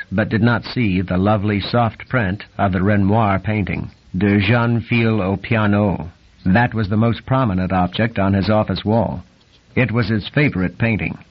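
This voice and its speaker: Low, husky male audiobook narrator. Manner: steady, even storytelling. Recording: dull lo-fi recording.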